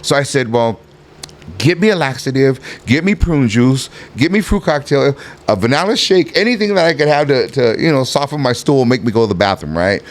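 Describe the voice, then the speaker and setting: A middle-aged man with a Southern California Chicano accent, telling a profane, animated story as a podcast guest and acting out the voices in it. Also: medium pitch, fairly quick. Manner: animated, profane, acts out every voice in his stories. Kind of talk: casual storytelling in a podcast interview.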